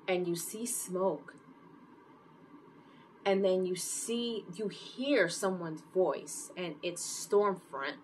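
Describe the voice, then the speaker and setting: A woman giving a casual, animated recap of a TV episode, full of fillers and open emotional reactions. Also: fairly low pitch, extremely slow, slight background noise, rough recording. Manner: animated storytelling with many fillers. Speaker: TV series reviewer.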